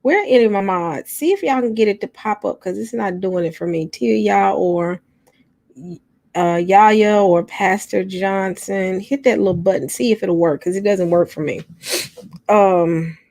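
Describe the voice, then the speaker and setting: A woman's voice: medium pitch, a little slow, gravelly, darkish tone, dry recording. A middle-aged woman, chatting casually and sleepily to viewers on a late-night livestream. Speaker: livestream host.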